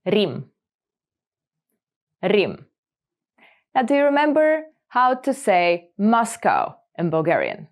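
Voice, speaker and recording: A woman hosting a scripted vocabulary lesson, repeating each word slowly and clearly for learners. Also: on the high side, wildly swooping pitch. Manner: slow, clear repetition of words for learners. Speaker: language lesson host.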